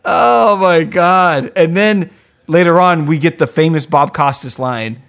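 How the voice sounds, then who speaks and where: Dude chatting movies on a podcast, kinda high voice, curses a lot, does the lines from the film. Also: male voice, unhurried, gravelly, fairly bright tone, clean tone. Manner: swears freely, acts out quotes. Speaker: podcast co-host. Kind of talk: casual movie review chat.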